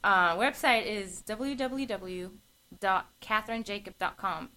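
A young adult woman singer-songwriter, a guest in a casual interview, laughing easily and pausing with fillers. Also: medium pitch, bright, forceful tone, a little hiss or hum, rough recording.

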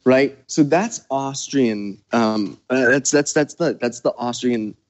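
A man hosting a casual conversation, talking slowly with many restarts and pauses while he searches for words. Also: mid-range voice, no echo, rough recording. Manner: slow, halting, searching for words.

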